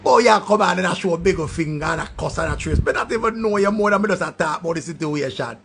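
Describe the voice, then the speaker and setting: A man with a Jamaican accent ranting loudly in a commentary, throwing insults in patois. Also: fairly high pitch, animated, quick pace, vocal fry, a little hiss or hum. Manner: loud, insulting rant in patois. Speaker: online commentator.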